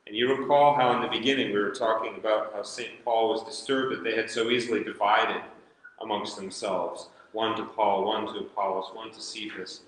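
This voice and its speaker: A man's voice: on the low side, fairly even intonation, normal speed, a bit bright. Man teaching in a very echoey hall. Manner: conversational, reads scripture aloud, chuckles now and then. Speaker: Bible study teacher. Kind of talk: verse-by-verse Bible teaching. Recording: very echoey hall with long reverb.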